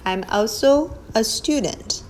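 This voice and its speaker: A woman's voice: a little high, lively intonation, slow, slight background noise, low-quality recording. A woman teaching characters over a whiteboard recording, explaining patiently step by step and modelling tones aloud. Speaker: Chinese language teacher. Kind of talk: slow whiteboard lesson narration. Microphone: phone screen recording.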